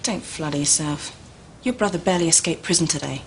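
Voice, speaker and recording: Sharp-tongued, scolding young woman. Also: low-pitched, fairly quick, slight background noise. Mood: angry. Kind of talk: TV drama acting.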